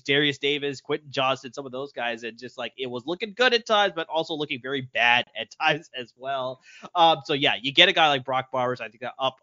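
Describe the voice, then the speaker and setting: A young man co-hosting a casual sports podcast, chatty and quick to laugh, on a dull lo-fi mic. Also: medium pitch, pushed and bright, no room sound.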